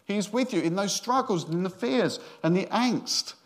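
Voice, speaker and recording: A man's voice: high voice, animated, normal speed. A middle-aged man, a senior minister giving a sermon in a chatty, joking storytelling way.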